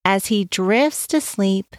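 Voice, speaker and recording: A woman reading a children's story aloud in a gentle way, pausing to ask the listening child questions. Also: mid-range voice, expressive, no echo, studio quality.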